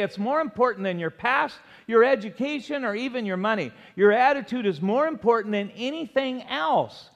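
A man's voice: sits high, a bit bright. A male pastor preaching a sermon, emphatic and prompting the congregation to repeat after him. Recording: long hall reverb.

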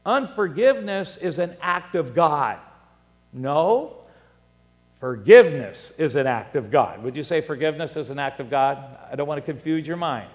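A man preaching a sermon as pastor, animated, acting out voices and reading scripture aloud. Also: on the high side, a little fast, hardly any pauses. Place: church sanctuary. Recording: long reverb in a large hall.

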